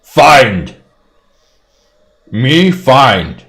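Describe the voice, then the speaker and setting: A man's voice: mid-range voice, sing-song, drawn-out words, gravelly, voice pushed up, heavily acted. A man voicing a dim male cyclops giant who grunts and talks in broken words. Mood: baffled. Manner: broken speech, loud grunting cries.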